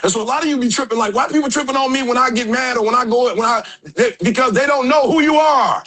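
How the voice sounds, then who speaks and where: A man giving a motivational speech to a live audience, casual and slangy, building up to emphatic shouted calls to action. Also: extremely high pitch, quick pace, poor audio. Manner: emphatic and conversational, with slang and rising shouted exhortations. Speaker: motivational speaker.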